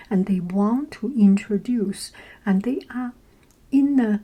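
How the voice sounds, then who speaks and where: A woman, whispering a casual vlog story and pausing often with fillers while she searches for words. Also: mid-range voice, breathy edge, low-quality recording. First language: Chinese. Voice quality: soft whisper. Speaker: vlogger.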